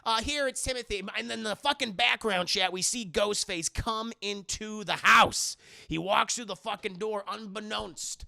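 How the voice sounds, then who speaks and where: A man's voice: sits high, fairly even intonation, unhurried, vocal fry, bright, forceful tone. A man hosting a livestream, animatedly recapping a film to his chat with lots of profanity. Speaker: streamer host.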